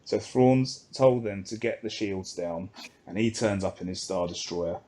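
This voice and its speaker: In an unhurried, low-leaning voice, a man recaps an episode on the podcast he co-hosts. He keeps it casual but animated, acting out the characters' lines as he goes.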